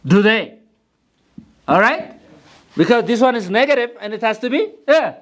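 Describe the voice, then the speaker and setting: A man's voice: very high-pitched, expressive, brisk, fairly bright tone. A man teaching an English grammar lesson in a classroom, quizzing his students and mixing English with Amharic.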